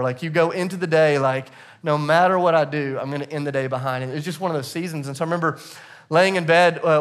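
A man's voice: on the high side, a bit bright. A man in his thirties preaching a sermon as pastor, telling funny personal stories and building to emphatic repeated lines. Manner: storytelling, self-deprecating humor, builds to emphatic repetition. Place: church auditorium.

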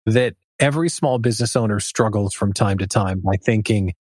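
A man's voice: lowish voice, normal speed, darkish tone, no echo. Conversational male podcast host, dry sound. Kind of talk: podcast interview.

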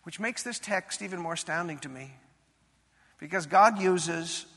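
High-voiced pastor preaching in a reverberant hall. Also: male voice, fairly bright tone, husky. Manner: earnest, confessional storytelling building to fervent emphasis. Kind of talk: sermon. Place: church sanctuary. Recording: long reverb in a large hall.

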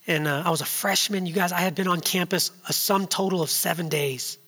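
A man in his thirties delivers a sermon in a bright, ringing, high-pitched voice. He tells stories, sinking to quiet asides before rising to loud, urgent peaks. His voice carries the long reverb of a large church hall. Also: brisk, husky. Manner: storytelling, builds from hushed to loud and urgent. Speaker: preacher.

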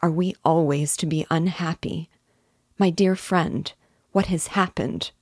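Brief: woman reading a gentle grieving young friend, low and dry, tender. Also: fairly even intonation, unhurried, breathy edge, no echo. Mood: anxious.

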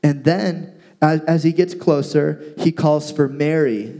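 A man co-hosting a casual talk, retelling a Bible story with playful asides and lively paraphrase. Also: on the high side, unhurried. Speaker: podcast co-host teaching from the Bible. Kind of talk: casual Bible teaching chat.

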